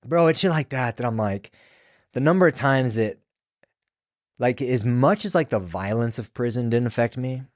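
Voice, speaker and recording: Profane ex-prison sergeant telling stories. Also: male voice, mid-range voice, lively intonation, moderate pace, no echo, clean studio sound. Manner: loose and profane, acts out quoted dialogue. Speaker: former prison sergeant, podcast guest. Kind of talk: casual storytelling conversation.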